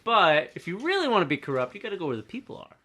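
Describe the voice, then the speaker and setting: A man's voice: sits high, huge pitch swings, pushed and bright. A man co-hosting a casual chat, pushing back on his friends with short replies. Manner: quick to disagree, short replies. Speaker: podcast co-host.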